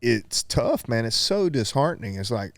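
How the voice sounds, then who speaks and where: A man's voice: mid-range voice, very animated, moderate pace, dry recording, studio quality. A man hosting a podcast, chatting casually and chiming in with short agreeing remarks. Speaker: podcast host. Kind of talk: casual chat.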